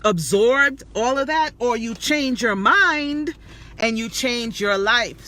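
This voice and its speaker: A woman's voice: a little high, sharp tone. A woman giving an emotional personal testimony to camera as a health and spirituality vlogger, preachy and affirming, calling her viewers sweetie and y'all.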